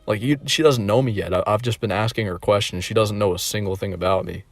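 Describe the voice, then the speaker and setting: A man's voice: on the low side, fast, gravelly, faint music behind. A man recounting a story in a casual vlog, rambling and incredulous and repeating himself. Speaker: online dating video creator.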